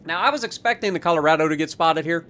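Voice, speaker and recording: A man's voice: fairly high pitch, fast, a bit bright. A man giving casual, sarcastic commentary over his own gameplay, chatting and teasing opponents as he explains his moves. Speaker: gaming YouTuber.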